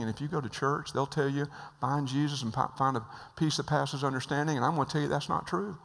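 A man with a gravelly, rough edge to his voice delivers a sermon in a large hall with a long reverb tail. He tells jokes and stories and acts out the voices of their characters. His pitch sits in an ordinary middle range. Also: a bit bright. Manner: joke-telling, acts out voices, repeats phrases. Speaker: speaker at a church. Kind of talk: sermon with storytelling.

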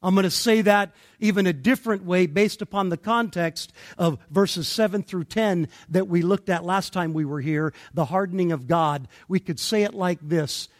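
A man preaching an expository sermon, deliberate and emphatic, pausing between phrases. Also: high voice. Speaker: pastor.

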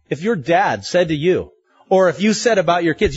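A man preaching a sermon in a lively, conversational way, asking his listeners pointed questions. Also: high-pitched, moderate pace, breathy edge, no echo, highs cut off.

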